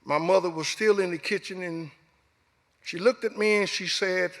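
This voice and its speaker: A man's voice: sits high, normal speed, a bit bright. A middle-aged man from Alabama with a Southern US accent, telling a personal story as a guest speaker and acting out the dialogue. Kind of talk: storytelling speech. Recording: echoey hall.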